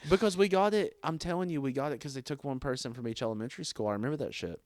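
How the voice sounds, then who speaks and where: A man's voice: medium pitch, racing, dry recording, clean studio sound. A man, co-hosting a podcast in casual chat, telling stories with swearing and laughter. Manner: animated storyteller, swears often, laughs at himself. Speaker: podcast co-host.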